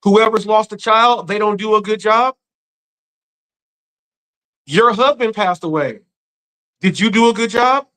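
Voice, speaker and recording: A man with a fairly high voice, grieving as he talks on a live stream. His delivery is earnest and halting, full of restarts and repeated words, as in an unscripted emotional talk. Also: sharp tone, poor audio. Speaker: live-stream commentary host.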